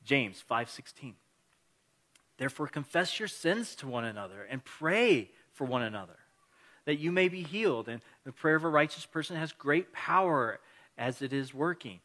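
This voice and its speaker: Earnest male pastor, bright forceful tone. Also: mid-range voice, animated, normal speed. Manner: earnest, encouraging, anecdotal. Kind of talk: conversational sermon.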